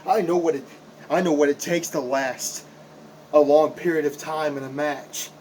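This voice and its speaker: A man with a drawl delivers a heated wrestling promo in a voice pitched a bit high. He talks in a confrontational way and hammers his points home by repeating them. A faint hum sits behind him. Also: steady tone, normal speed, darkish tone, rough recording. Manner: impassioned, repetitive, confrontational. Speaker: backyard wrestler.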